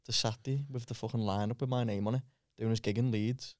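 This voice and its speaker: A comedian joins a podcast as a guest and chats in a loose, mumbling manner. He talks fast at a middle pitch. The sound is dry and close to the mic. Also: steady tone, a little mellow, no echo. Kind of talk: casual chat.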